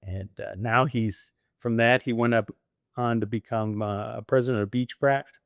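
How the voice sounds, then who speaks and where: A middle-aged man tells stories as an interview guest. He is animated, breaking into laughs and acting out what others said. His voice sits at a middle pitch and sounds dry and close. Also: a little slow, creaky, dry recording. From United States. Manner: animated, laughs often, acts out quoted dialogue. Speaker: guest, former military pilot and franchise owner. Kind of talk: conversational storytelling interview.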